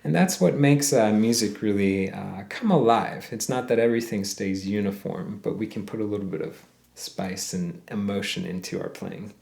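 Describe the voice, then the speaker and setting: A man's voice: fairly low pitch, normal speed, creaky, hardly any pauses, darkish tone. A man teaching a ukulele lesson step by step, counting beats aloud, humming the melody and calling viewers "guys". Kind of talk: friendly step-by-step music lesson. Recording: roomy echo with ukulele playing.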